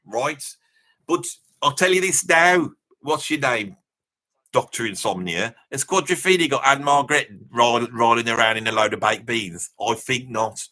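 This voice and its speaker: A man's voice: mid-range voice, expressive, moderate pace, bright, forceful tone. A man with a Birmingham accent voicing a boastful older rocker who rambles through tall tales in a comic live reaction, full of asides and mock indignation. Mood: rambling. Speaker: live reaction streamer in character.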